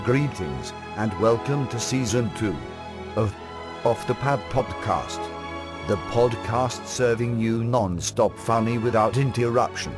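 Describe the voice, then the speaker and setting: A man's voice: mid-range voice, unhurried, lightly acted. A man reading a formal show introduction in a regal British-sounding voice. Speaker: show announcer. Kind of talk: scripted announcer intro. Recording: music bed behind.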